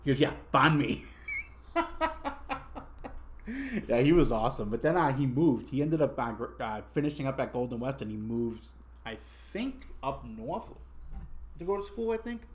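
With a medium-pitched, expressive, slightly mellow voice, a young podcast host talks at a moderate pace broken by long pauses. The chat is casual and rambling, peppered with swearing and frequent restarts.

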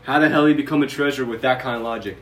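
A man's voice: mid-range voice, very fast, fairly bright tone, slight background noise. A young man co-hosting a casual podcast, cutting in with sarcastic jokes and banter. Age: young adult. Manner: joking, sarcastic interjections. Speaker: podcast co-host.

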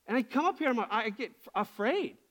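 High-pitched guy preaching, passionate and honest, talks straight to the church. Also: expressive, brisk, a bit bright. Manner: passionate, candid. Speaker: pastor. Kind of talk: sermon.

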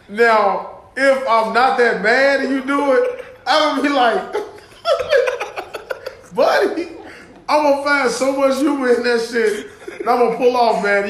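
A man's voice: extremely high pitch, animated, unhurried, a bit bright, echoey room. A man telling profane, laughing road-rage stories in casual chat.

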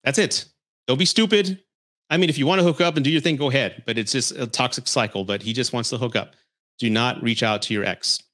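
A man's voice: mid-range voice, fast, fairly bright tone. A man hosting a casual dating-advice podcast, ranting bluntly with plenty of swearing and frequent laughter. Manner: blunt and profane, laughs often; heated, scolding delivery. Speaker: podcast host.

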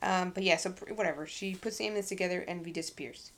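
A woman's voice: lowish voice, fast talker, fairly bright tone. Chatty woman podcast co-host. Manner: reads quotes aloud from a book, chatty and casual. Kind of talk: casual book-club chat.

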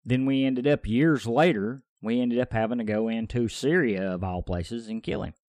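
A man's voice: medium pitch, normal speed, a little mellow, dry recording. A man giving casual commentary on news he reads aloud, rambling and chatty with offhand asides.

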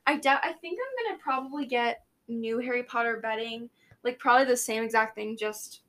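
A woman's voice: fairly high pitch, a little fast, fairly bright tone. A young woman co-hosting a podcast, chatting casually and rambling with lots of restarts and giggles. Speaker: podcast co-host. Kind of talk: casual chat.

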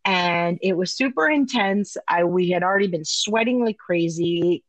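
A woman telling a personal story in casual podcast chat, animated and full of fillers, with the odd swear word. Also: lowish voice, normal speed, no echo, rough recording. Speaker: guest sharing a story.

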